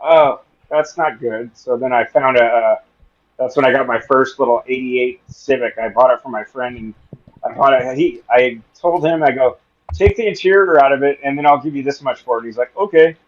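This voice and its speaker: Heard through a muffled recording, a podcast guest with a mid-range voice talks at a moderate pace. He's lively as he tells amusing stories casually, acting out what people said and breaking into laughter often.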